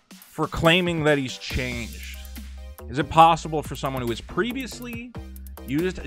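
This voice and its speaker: Animated, ranting man from Massachusetts. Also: a little high. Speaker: commentary host. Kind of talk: opinionated commentary vlog.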